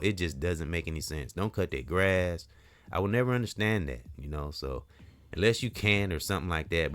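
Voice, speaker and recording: Deep-voiced man in an earnest rambling monologue. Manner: earnest, rambling, peppered with "you know" and cussing. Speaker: community vlogger. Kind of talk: casual talking-head monologue.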